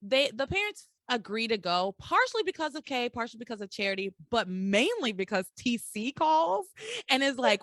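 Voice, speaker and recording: Lively, animated woman podcast host. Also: on the high side, a little fast, no echo. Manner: animated storytelling, acts out characters' lines, swears freely. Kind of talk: casual recap chat.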